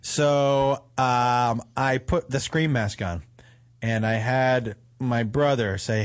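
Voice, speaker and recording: A man hosting a talk show, telling comic stories in a profane, animated way and laughing through them. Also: medium pitch, takes it slowly, clean tone. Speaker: host. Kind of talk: comedic storytelling on a talk show.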